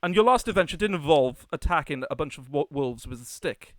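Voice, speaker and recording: A man's voice: a little high, animated, a little fast, no echo, natural voice. A man playing a young manservant who keeps correcting his master politely but wearily. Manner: dry, correcting, polite "sir". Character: young male manservant, exasperated but deferential.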